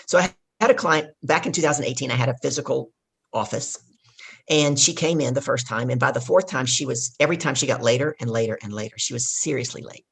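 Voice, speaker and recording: A woman business coach, a podcast guest, telling a lively story and acting out what people said. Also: rumbling low, fast, gravelly, breathy edge. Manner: animated storyteller who acts out dialogue. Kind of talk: storytelling interview.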